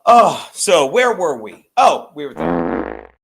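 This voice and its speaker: High-voiced profane rambling podcast host. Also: male voice, huge pitch swings, slow pace, gravelly, husky. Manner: rambling, profane, laughs often. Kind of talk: casual chat.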